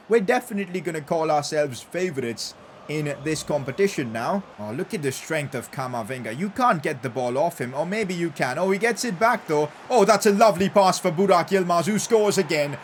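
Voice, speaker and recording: Excitable young man commentating a football game. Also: on the high side, a little hiss or hum. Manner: excitable, bursts into loud cheers at goals. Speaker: gaming YouTuber. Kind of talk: live commentary over a football video game.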